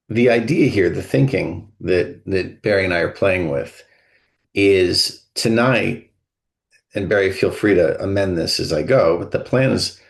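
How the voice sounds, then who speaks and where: A man co-hosting a podcast in casual chat, speaking in a friendly, measured way. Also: low voice, gravelly. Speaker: podcast co-host.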